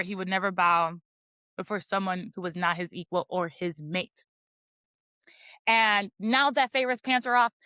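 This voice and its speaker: With a voice on the high side, pushed and bright, a woman recaps a chapter for a book podcast with no echo around her. She keeps it chatty and casual, relying on "like" a lot and playfully teasing about the spicy moments.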